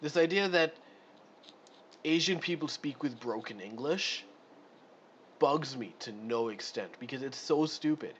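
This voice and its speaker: A man's voice: medium pitch, expressive, unhurried, long pauses, fairly bright tone, dull audio, a little hiss or hum. A man doing a live read-through of an adventure module, breaking off into exasperated, sweary ranting commentary. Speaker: streamer reading a module.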